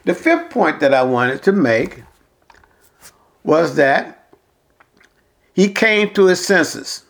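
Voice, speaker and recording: A man's voice: a little high, lively intonation, takes it slowly, gravelly, a bit bright. A man preaching a sermon, reading scripture and then walking through numbered points with folksy personal asides.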